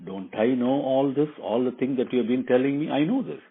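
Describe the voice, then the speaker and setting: A calm, noble young prince speaks in a measured, husky voice, voiced by a male storyteller. The audio is thin and narrow, like a phone call. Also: medium pitch.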